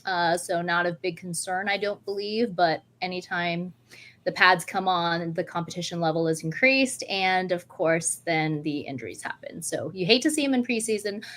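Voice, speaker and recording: A woman co-hosting a casual chat show, reading out updates with fillers and pauses. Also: fairly low pitch, a bit bright. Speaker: co-host.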